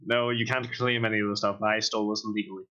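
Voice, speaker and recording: Bright-voiced joking male player, lo-fi mic. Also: on the low side, fairly even intonation, fast talker. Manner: jokey, laughing, swears casually. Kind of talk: casual tabletop game chat. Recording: dull lo-fi mic.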